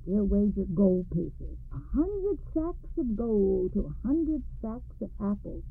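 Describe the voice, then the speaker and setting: A woman doing a wagering English gentleman. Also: medium pitch, big pitch swings, slow, gravelly, a little hiss or hum, heavily acted. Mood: challenging. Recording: tinny lo-fi radio recording.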